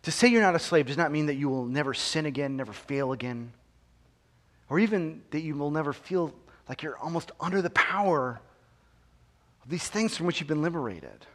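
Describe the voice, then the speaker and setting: A man preaching a sermon as pastor. He drops to hushed near-whispers and then climbs to loud, emphatic proclamation, repeats phrases and asks the congregation rhetorical questions. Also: a little high, expressive, a little fast.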